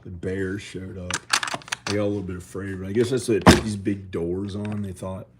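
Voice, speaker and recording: A man's voice: sits low, level tone, brisk, heavy background noise. A man vlogging from inside his house in a rambling casual monologue, wandering off mid-thought and starting over. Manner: meandering, trailing off and restarting thoughts. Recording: roomy echo in a house.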